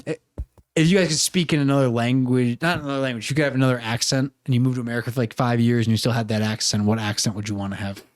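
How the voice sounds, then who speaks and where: A man hosting a podcast in casual chat, rambling and joking, often breaking into animated quoted voices. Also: medium pitch, racing, no room sound, studio quality. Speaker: podcast host.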